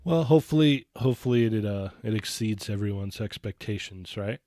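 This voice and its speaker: A man co-hosting a live toy collecting podcast, relaxed and agreeable, with hesitant restarts and questions for the others. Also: lowish voice, a little fast, no echo, clean studio sound. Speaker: co-host of a toy collecting show. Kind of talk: casual live podcast chat.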